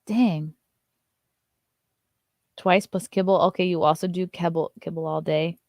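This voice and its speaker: A woman's voice: lowish voice, fairly even intonation, measured pace, darkish tone, no room sound, studio quality. A woman comedian hosting a casual morning show, chatting loosely and reading viewer comments, sometimes slipping into sing-song baby talk with her dog.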